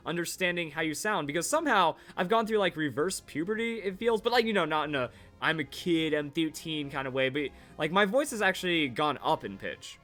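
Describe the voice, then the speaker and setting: A man's voice: a little high, sharp tone. A man in his twenties chatting casually over his old videos, rambling and repeating himself with verbal tics. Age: 20s. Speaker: Pokemon YouTuber.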